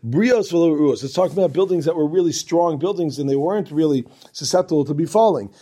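A man with a fairly high, dark-toned voice talks fast while teaching a Talmud class. He reads each passage aloud, then explains it in casual English, with asides and restarts along the way.

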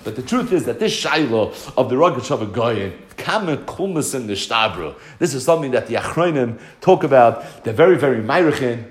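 A man's voice: medium pitch, roomy sound. A man giving a Talmud lecture, asking rhetorical questions and mixing in Hebrew and Yiddish terms. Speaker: Talmud teacher.

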